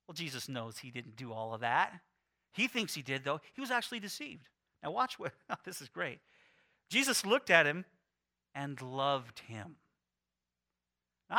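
A middle-aged man preaching a sermon, animated and playful, acting out the quotes he reads. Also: on the high side. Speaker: pastor.

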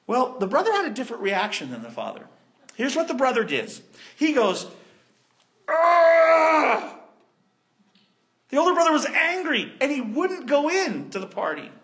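A male preacher with a high, lively voice that leaps up and down as he retells a story. He talks straight to his congregation in an animated sermon. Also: fairly quick.

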